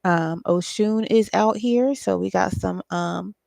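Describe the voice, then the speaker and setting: A woman's voice: medium pitch, slow, gravelly, a little mellow, no echo. A woman giving a casual solo tarot reading, thinking aloud in a loose, profane way with frequent ums. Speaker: tarot reader and psychic channeler.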